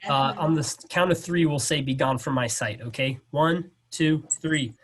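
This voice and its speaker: A cheerful teacher narrates and directs a class play, guiding everyone along. The voice sits at a middle pitch and comes through plain video call sound. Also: moderate pace.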